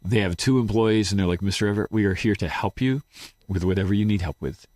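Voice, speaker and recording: A man with a very deep, low voice tells a painful story from his own life as an interview guest. He speaks haltingly and slips into quoting what he said at the time. The sound is close and dry, with no room around it. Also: darkish tone, no echo. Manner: halting, retells his own words in quotes. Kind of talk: emotional personal storytelling.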